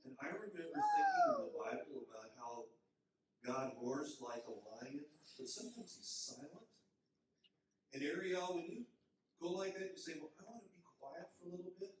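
A man's voice: a little high, wildly swooping pitch, moderate pace. An older man from Minnesota with a Minnesota accent, a pastor giving a playful story-filled children's sermon. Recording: very echoey hall, distant mic, faint hiss.

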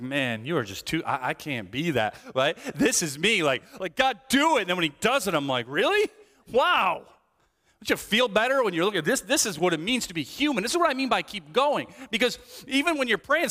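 A man preaching a sermon in a lively, conversational way, acting out small quoted voices as he goes. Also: fairly high pitch, big-room sound. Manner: animated, conversational, acts out little voices. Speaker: pastor.

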